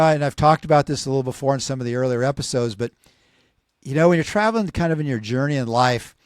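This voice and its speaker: A man in his sixties, a podcast co-host telling a long story casually, rambling and animated, acting out what people said. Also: mid-range voice, no room sound, clean studio sound. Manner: rambling, animated, acts out quoted voices.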